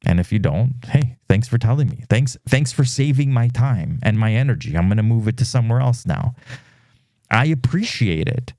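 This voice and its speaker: A man's voice: medium pitch, moderate pace, no echo, clean studio sound. A podcast host, a man, tells a dating story in a casual monologue, acting out quoted messages with plenty of fillers. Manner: animated storytelling, acts out quoted texts; frequent fillers.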